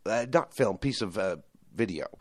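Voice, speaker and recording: A New man hosting a loose, profane podcast. He talks excitably and jumps between tangents. The sound is dry and close. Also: lowish voice, normal speed, no room sound. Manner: animated, excitable, swears a lot. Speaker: podcast host. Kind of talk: casual profane podcast banter.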